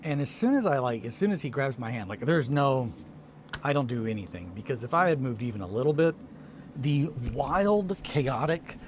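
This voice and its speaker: A just-woken man chats to his viewers in a loose, rambling way, restarting his sentences as he tells a story. His voice sits at an ordinary middle pitch. A steady noise runs under the recording. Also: moderate pace. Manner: rambling, self-interrupting, restarts and fillers. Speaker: hobby livestream host. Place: home studio and workshop.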